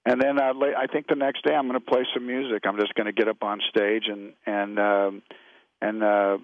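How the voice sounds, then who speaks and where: A middle-aged actor from California, USA, guests on a radio interview, sharing rambling, laid-back anecdotes. His lowish voice is flat and moderately paced with no room sound, though the radio audio is dull and lo-fi.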